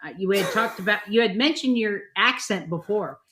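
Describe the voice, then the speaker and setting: A woman's voice: mid-range voice, fairly quick, a bit bright, a little hiss or hum. Lady hosting a live show, super enthusiastic, gushes about her guests. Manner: enthusiastic, gushing. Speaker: host. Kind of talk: casual live chat.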